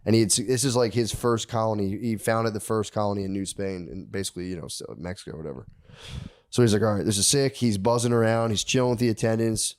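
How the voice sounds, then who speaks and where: Man, lowish voice, casual podcast storyteller, profane and slangy. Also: fast talker, a little mellow. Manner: profane, slangy, acts out characters' lines. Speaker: podcast co-host telling a history story.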